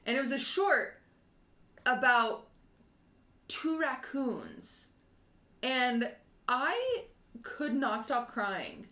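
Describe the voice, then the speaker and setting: A woman's voice: high voice, very animated, very slow, long pauses, bright, forceful tone. Woman co-host, twenties, rambling emotional storyteller, roomy echo. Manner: rambling, emotional, laughs often. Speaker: podcast co-host. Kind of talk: casual chat, animated storytelling. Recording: echoey room.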